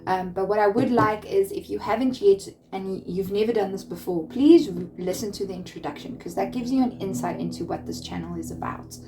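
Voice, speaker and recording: A young woman gives a tarot reading in a soft, soothing voice. She speaks gently and unhurriedly, and often trips and restarts her sentences as she thinks aloud. Her pitch sits in the middle for a woman. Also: a little fast, few pauses, noisy background. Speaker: tarot reader.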